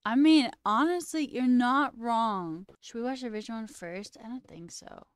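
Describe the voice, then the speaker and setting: A woman's voice: on the high side, normal speed, clean tone, no echo. Brief: woman streamer, casual viewer chat, giggly, slips into whispers, dry close mic. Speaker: livestream host.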